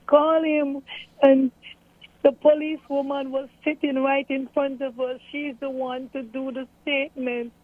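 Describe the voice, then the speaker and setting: High-voiced woman over a phone. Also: normal speed, no echo. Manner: earnest, storytelling, animated retelling. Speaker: grieving mother interviewee. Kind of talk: recounting events in an interview. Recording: tinny phone-like audio.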